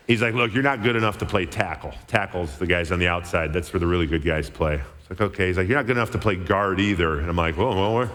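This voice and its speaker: A middle-aged man from Minnesota telling an animated, chatty story to a church crowd, often checking in with "okay?". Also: sits low, fast talker, few pauses, a little hiss or hum. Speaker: guest speaker at church. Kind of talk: storytelling sermon talk. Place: large church auditorium. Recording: reverberant church hall.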